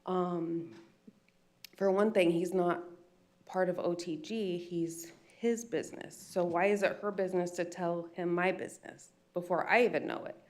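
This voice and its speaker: A woman's voice: lowish voice, fairly even intonation, normal speed, a little mellow. A woman with an American accent, a business owner making an upset, emotional public comment at a county meeting. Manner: upset, pleading, retells phone calls.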